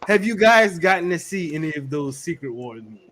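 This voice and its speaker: A man hosts a relaxed group chat in easygoing slang, laughing often. His voice sits a little high, with a faint hiss in the background. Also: fairly quick. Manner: laid-back, laughing, slangy. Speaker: podcast host.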